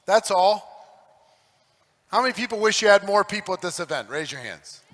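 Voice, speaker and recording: A man delivers a stage talk as a motivational speaker, preachy and emphatic, pushing up into shouts. His voice sits high and rings sharp and forceful. The recording carries a long, echoey hall tail. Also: animated, normal speed. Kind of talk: stage talk to a live audience.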